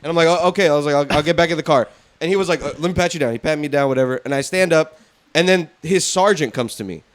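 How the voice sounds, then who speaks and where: A man's voice: fairly high pitch, fast talker. A man on a podcast telling a story in casual chat, swearing freely and acting out what others said. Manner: animated, profane, acts out quotes. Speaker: podcast host.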